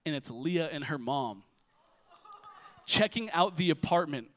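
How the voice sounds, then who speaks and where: Bright-voiced young male pastor preaching. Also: fairly high pitch, measured pace. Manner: lively, joking storyteller who shifts to preaching. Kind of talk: sermon with storytelling. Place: church stage before a congregation.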